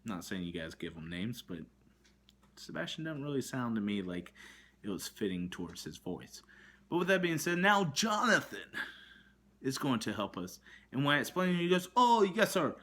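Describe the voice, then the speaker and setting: A man's voice: medium pitch, sing-song, moderate pace, pushed and bright, slight background noise. A man vlogging from his kitchen, telling a frustrated story full of fillers and restarts. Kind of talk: ranting to camera. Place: kitchen at home, indoors.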